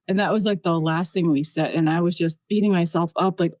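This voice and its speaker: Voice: medium pitch, fairly even intonation, fast, darkish tone, no room sound. An adult podcast panel guest, telling a story in a self-deprecating way with frequent laughter. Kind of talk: casual chat.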